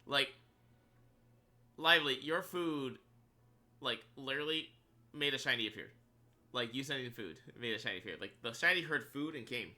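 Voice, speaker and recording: Bright, lively-voiced male streamer. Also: mid-range voice, normal speed, long pauses. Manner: rambling, filler-heavy, laughs often. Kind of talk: casual live-stream chat while gaming.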